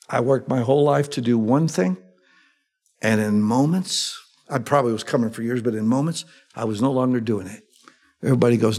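A male preacher giving a sermon. He reads scripture with rising excitement and adds folksy asides. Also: medium pitch, fairly quick, breathy edge. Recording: long echoey hall reverb.

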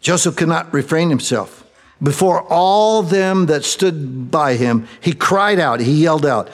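A man's voice: on the high side, measured pace, long reverb tail, faint music behind. A male pastor teaching a verse-by-verse Bible sermon in a conversational way, acting out the quotes. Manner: conversational, animated, acts out quotes.

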